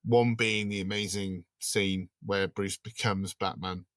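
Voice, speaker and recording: A man's voice: low voice, fairly even intonation, unhurried, fairly bright tone, no echo. A man hosting a casual podcast chat about a film, steering the talk and laughing easily. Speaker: podcast host.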